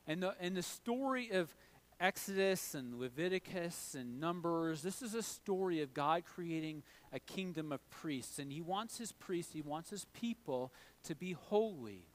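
A man's voice: on the high side, expressive, measured pace. A middle-aged man preaching a sermon in a conversational way, often checking in with "all right?". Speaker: pastor.

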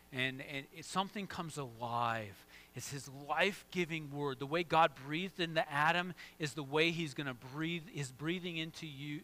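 A man delivers a sermon in a bright, fairly high voice. He drops to a hushed, prayerful murmur, then climbs into loud, excited bursts of emphasis. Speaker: pastor.

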